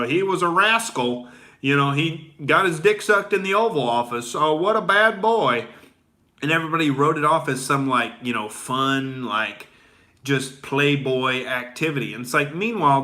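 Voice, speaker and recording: Male comedian host, crude rambling rant, bright forceful voice. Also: fairly high pitch. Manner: rambling, profane, heavy on filler words.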